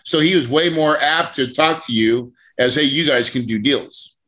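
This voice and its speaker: A man coaching a class on real estate deals, telling a story with lively acted-out quotes. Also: medium pitch, normal speed. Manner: animated storyteller, acts out quotes.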